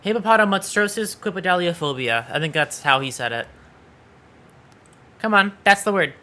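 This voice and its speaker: A man's voice: a little high, lively intonation, unhurried, pushed and bright. A man streaming live, chatting casually and teasing his viewers, with playful swearing. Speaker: VTuber streamer.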